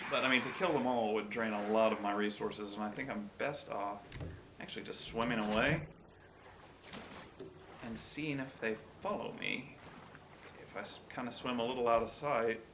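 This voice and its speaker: A man talking through a video game as he plays, mostly murmured, self-deprecating musing that breaks into startled yelps. His voice sits at an ordinary middle pitch. Game ambience plays clearly underneath him. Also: normal speed, long pauses, noisy background. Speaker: let's-play host. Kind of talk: gameplay commentary.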